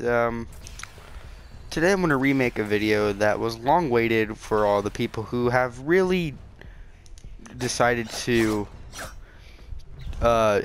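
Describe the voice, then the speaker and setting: A man's voice: mid-range voice, a bit bright, slight background noise. A man hosting his small gaming channel, rambling casually and defensively, repeating himself and stuttering often. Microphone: console game capture.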